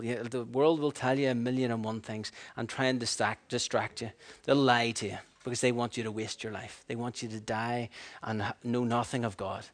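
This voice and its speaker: A man preaching a sermon, animated and storytelling, acting out voices and laughing at his own stories. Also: mid-range voice, brisk, few pauses.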